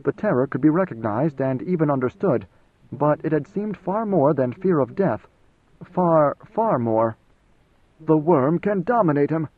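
A man reading a novel as audiobook narrator, in measured, even storytelling. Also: on the high side. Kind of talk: scripted narration. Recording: tinny phone-like band, dry.

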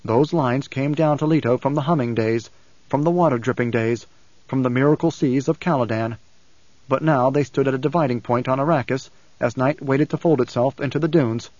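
A man's voice: medium pitch, fairly quick, a little mellow, no echo, dull audio. Man reading a novel aloud, dry sound. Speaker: audiobook narrator. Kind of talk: scripted narration.

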